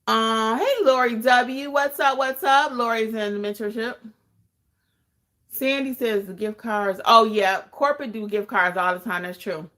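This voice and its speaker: On a livestream where she answers viewers' questions, a woman who hosts a podcast and trains notaries speaks a little slowly in a somewhat bright voice on the high side. She drives her points home emphatically by repeating them.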